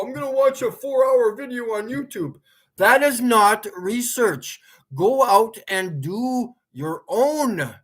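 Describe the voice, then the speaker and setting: A man delivering a heated vlog rant, swearing freely and lecturing his audience. He talks slowly and his pitch leaps up and down as he goes from scolding to laughing at himself. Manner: angry, profane ranting, breaking into laughter; lecturing, repeats commands. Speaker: vlogger. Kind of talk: ranting monologue to camera.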